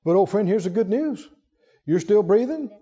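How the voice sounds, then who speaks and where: A man preaching in a high, mellow voice that leaps and drops all over. He throws high emphatic bursts at the congregation and then sinks into quiet asides. The sound is dull and lo-fi, with a long reverb trailing off the walls. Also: expressive, normal speed, slightly rough. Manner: acts out quoted prayers and God's words in raised voice. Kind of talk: sermon.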